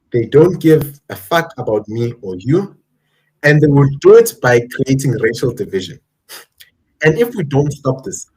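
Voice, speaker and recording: A man's voice: medium pitch, a little mellow, slightly rough, low-quality recording. A man from South Africa hosting his own channel, giving emphatic live-stream political commentary and talking straight to his viewers. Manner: emphatic, ranting, addresses viewers directly. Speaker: channel host.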